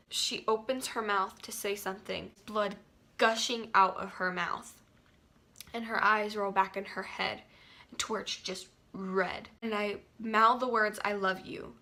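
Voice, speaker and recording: A teenage girl tells a dream story to her viewers in a casual storytime vlog. Her voice is bright, and she talks in an animated, breathless rush. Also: mid-range voice, measured pace. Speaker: vlogger.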